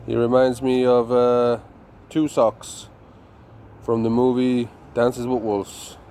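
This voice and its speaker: A man's voice: medium pitch, flat delivery, slow, warm tone. A man casually narrating to viewers while walking his dog, with wry, chatty asides and some swearing. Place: city street outdoors. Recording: street traffic noise behind.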